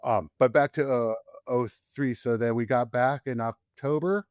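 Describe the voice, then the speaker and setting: A man's voice: a little slow, no room sound. Candid man in his forties, dry sound. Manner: animated, rises in pitch when reliving tense moments. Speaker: podcast guest, Marine combat veteran. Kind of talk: candid storytelling in casual conversation.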